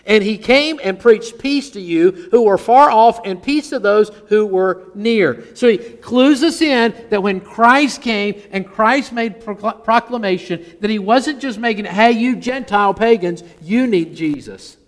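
High-voiced emphatic preacher in a reverberant sanctuary. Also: male voice, a little slow, few pauses. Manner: emphatic, dropping to near-whispers on key words. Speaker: pastor. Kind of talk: sermon.

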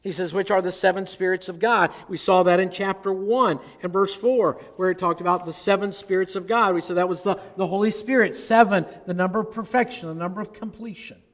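A man with a notably high voice delivers an earnest expository sermon. He swells on important words and lets his phrases fall away quietly. The sound carries a long hall reverb. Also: fairly even intonation, fairly quick, hardly any pauses. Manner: earnest, varies loudness, drops low at phrase ends. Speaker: pastor.

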